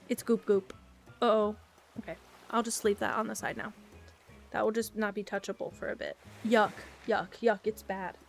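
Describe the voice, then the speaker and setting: Young woman, rambly gaming vlogger, bright higher-pitched voice, casual and chatty. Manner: rambling, chatty, repeats silly words. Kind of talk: casual chat while gaming.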